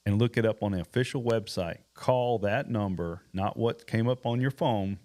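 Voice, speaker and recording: Man, bail bonds host, earnest warnings, lower voice. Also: moderate pace, a little mellow. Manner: earnest, warning tone, repeats points. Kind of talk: casual advice chat.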